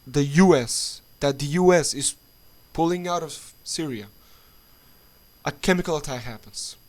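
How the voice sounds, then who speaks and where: A man delivers a heated political vlog rant in a slightly high voice. He speaks slowly, breaks off and restarts, and swears constantly out of frustration. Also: darkish tone. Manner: angry, profane, halting with restarts. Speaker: political vlogger. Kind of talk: angry political rant to camera.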